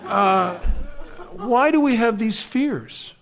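A man's voice: fairly high pitch, expressive, moderate pace. An American man giving a recovery meeting talk, a wry, self-deprecating storyteller.

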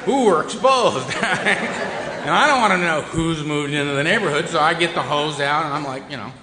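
On the high side and a little fast, this man's voice comes through a noisy background and echoey hall reverb. He is telling a listening audience a humorous, self-mocking account of his recovery in a wry, conversational way.

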